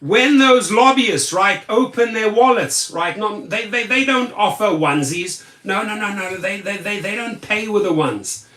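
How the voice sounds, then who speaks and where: A man's voice: high-pitched, lively intonation, a little slow, bright, forceful tone, distant mic. A tired man who drives for rideshare, ranting angrily and sarcastically in a vlog, often repeating himself. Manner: angry, sarcastic, repetitive. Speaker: rideshare driver and video host. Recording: echoey room, off-mic.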